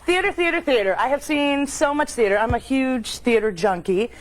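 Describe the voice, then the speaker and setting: A woman guest on a talk show, telling stories in animated, casual chat. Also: high voice, normal speed, poor audio. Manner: animated storyteller.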